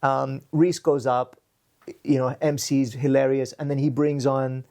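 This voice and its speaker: A man's voice: mid-range voice, level tone, a little slow, gravelly, warm tone. A man hosting a casual podcast chat, telling rambling anecdotes and laughing often. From Wales. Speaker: podcast host.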